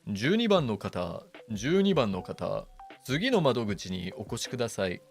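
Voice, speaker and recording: A man voicing a robotic ward-office announcer who calls out numbers in a deep, flat, mechanical way. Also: moderate pace, soft background music.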